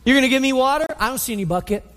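A sarcastic, guarded woman at a well, as a preacher puts her on, high and mocking. She fires off skeptical questions. The voice rings out with a long hall reverb. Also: expressive, normal speed, slightly rough, heavily acted.

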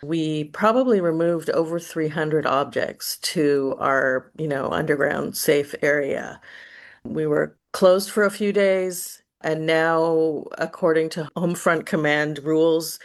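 A woman museum director answering interview questions in a measured, explanatory way, with some fillers. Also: low-pitched.

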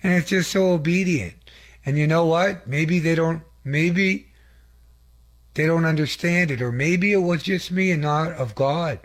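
A lay preacher gives a conversational testimony sermon in a slightly high, unhurried male voice. He's earnest and rambling, full of fillers and restarts, and keeps asking the audience to affirm him.

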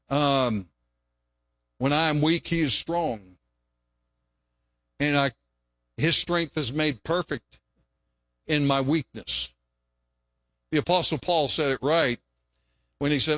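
Male preacher, high and bright, earnest, dry close sound. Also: animated, unhurried, long pauses, dry recording. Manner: earnest, repeats phrases, rises when quoting prayers. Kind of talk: sermon.

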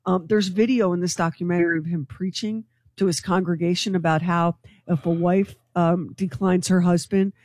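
A woman co-hosting a morning radio show, telling a news story to her co-hosts in an excitable, gossipy way. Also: fairly low pitch, normal speed, few pauses, dry recording. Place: radio studio.

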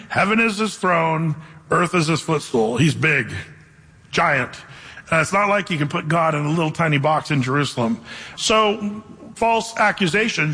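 A man with a high, husky voice preaches a sermon. He talks casually to his congregation and slows down deliberately to read scripture aloud. The sound carries a long reverb, as in a church hall. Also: pushed and bright. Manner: conversational preaching, reads scripture slowly and deliberately. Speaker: pastor.

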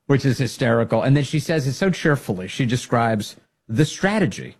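A man's voice: a little high, big pitch swings, normal speed. A man hosting a political talk show, giving emphatic, rallying commentary and repeating phrases for punch. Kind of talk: opinionated commentary.

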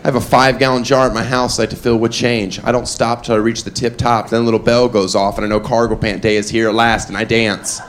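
On a comedy club stage, a male stand-up comic performs his set deadpan and mock-earnest, tossing in playful asides. He talks fast at a medium pitch with hardly any pauses, recorded live amid audience laughter and noise.

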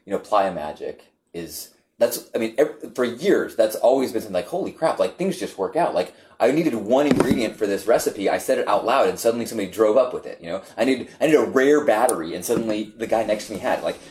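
Guy chatting on a podcast, lowish voice, lively and stumbling over his words. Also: a little hiss or hum. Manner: animated, halting, repeats words. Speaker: podcast guest. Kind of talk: casual chat, storytelling.

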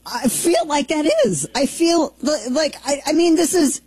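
A woman in her forties from Southern Missouri, co-hosting a chat show and telling family stories in a lively, laughing way. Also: sits high, measured pace, dry recording. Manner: animated storyteller, laughs easily. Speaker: talk show co-host. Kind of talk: casual chat, storytelling.

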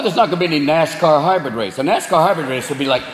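A man's voice: a little high, lively intonation, very fast, hardly any pauses, very noisy. A male stand-up comedian performing a crude, profane set in a large hall before a live audience. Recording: echoey hall, loud crowd.

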